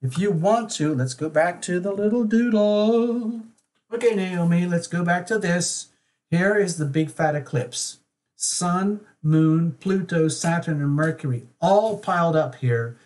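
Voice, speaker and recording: A man giving a live-streamed tarot reading, speaking straight to one viewer in a reassuring way and acting out her worried thoughts. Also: on the high side. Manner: reassuring, addresses viewer by name, acts out worried voices. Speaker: tarot reader.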